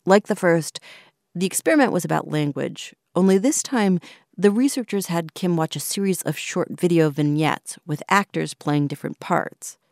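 A woman hosting and narrating a documentary in a measured, reflective way. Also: lowish voice, expressive, creaky, darkish tone, dry recording, clean studio sound. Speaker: host and narrator.

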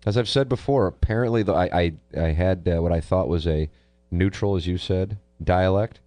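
A man's voice: sits low, normal speed, dark tone, no room sound. A middle-aged man from Missouri hosting a radio show, reading listener messages and chatting casually. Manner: reads listener messages aloud. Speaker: radio host.

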